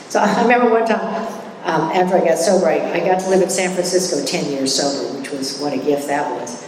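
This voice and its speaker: Middle-aged woman, low voice, candid and self-mocking, echoey hall, distant mic. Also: a little fast, noisy background. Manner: candid, self-mocking, chatty with many restarts. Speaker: recovery meeting speaker. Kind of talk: personal recovery talk. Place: meeting hall. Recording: echoey hall recording from afar.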